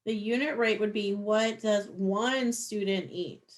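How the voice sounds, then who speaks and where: In an online math class held over video call, a woman with a medium-pitched voice explains each step at a slow pace, staying patient and encouraging throughout.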